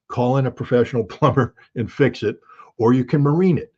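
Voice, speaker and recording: A man's voice: mid-range voice, darkish tone, breathy edge, highs cut off. A man giving casual spoken analysis, emphatic and folksy, making his points with everyday analogies. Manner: folksy, emphatic, uses analogies and acted quotes. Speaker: commentator.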